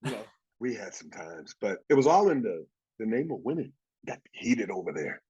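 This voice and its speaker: Older guy telling football stories, husky voice, lo-fi muffled audio, acts out everyone he quotes. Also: on the low side, big pitch swings, normal speed, warm tone. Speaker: former pro football player, guest. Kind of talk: casual storytelling interview.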